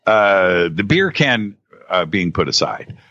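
Male guest, casual chat, repeats himself and restarts often; deep voice, dry close mic. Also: big pitch swings, pushed and bright, no echo. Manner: halting, many restarts and repeated words. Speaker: podcast guest. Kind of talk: casual conversation. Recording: dull lo-fi audio.

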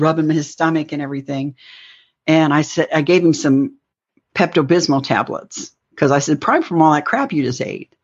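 A woman's voice: low-pitched, fairly quick. Woman telling a rambling story, lo-fi. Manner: rambling, acts out quoted lines. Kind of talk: personal storytelling. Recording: dull lo-fi recording.

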